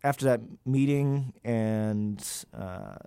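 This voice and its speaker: A man's voice: on the low side, slow, creaky, mellow, clean tone, dry recording. A young man, a graduate student, talking candidly in an interview, with many fillers and loose, rambling sentences. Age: young adult.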